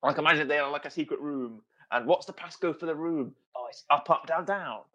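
A man co-hosting a podcast in casual chat, jokey and animated as he riffs on ideas. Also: fairly high pitch, fairly quick, muffled recording. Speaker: podcast co-host.

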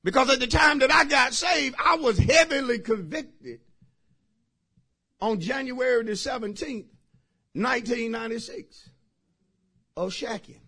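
A middle-aged man, preaching a fervent sermon that mixes in his own testimony, repeating phrases straight at the congregation. His voice sits very high and sounds bright and husky, and it swings widely in pitch. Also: unhurried, long pauses. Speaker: pastor.

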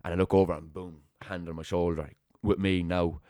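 A young man, hosting a podcast and telling an animated story in casual chat. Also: low voice, brisk, no room sound, clean studio sound. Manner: animated anecdote-telling with acted-out quotes and laughter. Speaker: podcast host.

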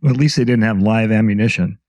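A man's voice: fairly low pitch, quick pace, a little mellow, no echo. A man co-hosting an interview, making short casual remarks and questions.

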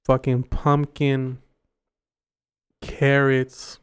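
A man's voice: mid-range voice, completely flat delivery, extremely slow, clean tone. A young man with a mid-range voice co-hosting a casual podcast. He teases his co-host and swears freely. He dwells lovingly on dishes as he names them. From Mexican-American. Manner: profane, teasing, relishes describing food. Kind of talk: casual chat.

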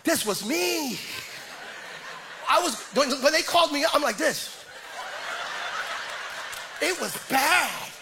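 A middle-aged male pastor preaching with animated, self-deprecating personal stories and frequent stammered restarts. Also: very high-pitched, slow, long pauses, noisy background. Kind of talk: sermon with personal storytelling.

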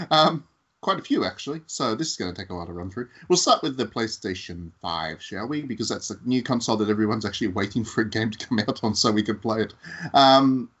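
Husky-voiced man, teasing co-host. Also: lowish voice, lively intonation, a little fast, a bit bright, muffled recording. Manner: teasing, rambling with fillers. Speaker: podcast co-host. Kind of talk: casual chat.

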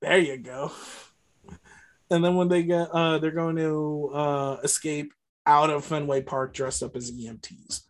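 A man with a slightly high voice walks through a film plot in casual podcast chat. He rambles, stopping and restarting with plenty of ums and uhs. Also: steady tone, unhurried. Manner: rambling, many fillers and restarts. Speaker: podcast co-host. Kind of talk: casual movie recap chat.

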